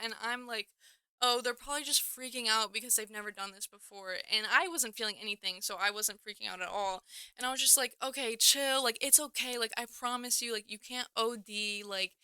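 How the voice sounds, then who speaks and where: A young woman chatting through a storytime with a very bright, crisp voice that sits a little high. She rambles, packs in "like", and corrects herself mid-sentence. The sound is dry and close, with no room echo. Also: a little fast. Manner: rambling, filler-heavy, with many "like"s and self-corrections. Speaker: storyteller vlogger. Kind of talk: casual storytime.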